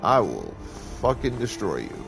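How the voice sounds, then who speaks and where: A man's voice: unhurried, vocal fry, music in the background. A man streaming a game live, ranting heatedly and swearing constantly. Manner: heated, swearing constantly, animated swings in pitch. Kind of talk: profane live-stream rant.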